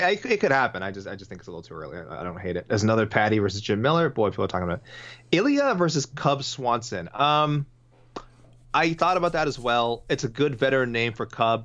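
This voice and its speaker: A chatty podcast co-host rambles through listener picks in casual conversation, his delivery lively and swinging. His voice sits at a middling pitch, and the audio is a little dull and muffled.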